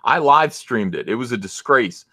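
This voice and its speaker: A man co-hosting a casual livestream chat, his pitch swinging widely as he tells stories in a blunt, mocking tone. The sound is dry and close to the mic, with no room around it. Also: moderate pace, no echo. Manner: blunt, mocking, animated storytelling. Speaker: co-host.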